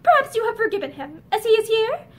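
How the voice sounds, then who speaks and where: A woman's voice: very high-pitched, very animated, fast, pitched above the performer's own voice. A woman reading aloud voices a distraught young woman full of remorse, pleading and close to sobbing. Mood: remorseful. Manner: emotional, pleading, breaking into sobs.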